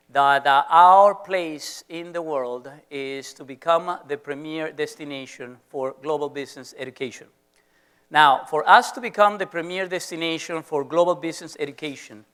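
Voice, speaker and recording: A man's voice: a little high, fairly bright tone, clear, resonant tone. A middle-aged man with a Venezuelan Spanish accent, a business school professor giving a playful, teasing lecture to students in an auditorium.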